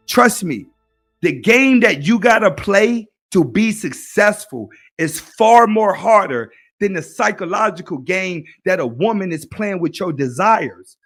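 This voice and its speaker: A man's voice: high-pitched, fairly bright tone. A young man in a casual, preachy monologue, giving advice and repeating his points. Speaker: YouTube commentator.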